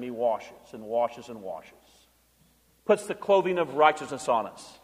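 A man preaching a sermon as pastor, asking the congregation questions and answering them himself, in a church. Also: high-pitched. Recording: long church reverb.

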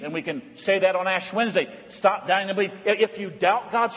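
High-voiced pastor preaching in a hall. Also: male voice, fast talker, hardly any pauses. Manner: emphatic preaching, repeated refrains, swings between loud and hushed. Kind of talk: sermon.

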